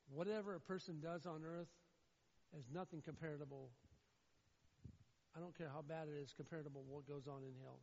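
Impassioned high-voiced preacher in a hall. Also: male voice, fairly even intonation, a little fast, gravelly, pauses often. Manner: impassioned, swings between loud pleading and low somber tones. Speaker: pastor. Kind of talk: sermon. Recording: dull, muffled sound with long hall reverb.

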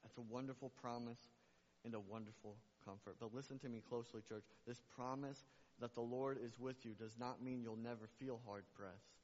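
A man preaching a sermon in a large church hall, his voice ringing with a long reverb. The sound is dull and muffled. He climbs to loud, emphatic peaks, then drops soft and low, repeating his questions back to the congregation. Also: steady tone, normal speed. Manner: repetitive call-and-response preaching. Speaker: pastor.

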